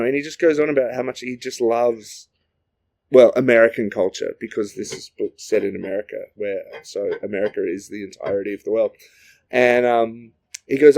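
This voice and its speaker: A man's voice: on the low side, fairly quick, mellow. A man co-hosting a podcast, improvising a comic story in a rambling, jokey way. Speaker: podcast co-host.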